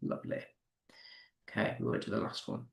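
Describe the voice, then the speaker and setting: British male teacher, encouraging, stresses verse, echoey room. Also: fairly quick. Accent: British English. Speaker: English teacher. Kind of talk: live online lesson.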